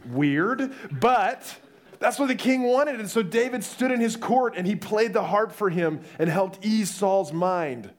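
A young man preaching a sermon, telling the story in a lively way and acting out the voices. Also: high-pitched, measured pace.

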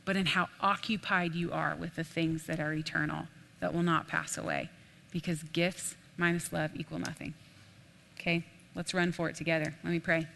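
A young adult woman preaching an animated, folksy sermon in a church, addressing the room as "y'all". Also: lowish voice, gravelly. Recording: long hall reverb.

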